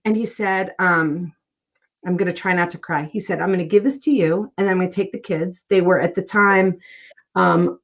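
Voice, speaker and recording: An earnest middle-aged woman speaks as a guest in a relaxed interview, telling personal stories in a heartfelt, conversational way. Her voice sits at an ordinary pitch for a woman.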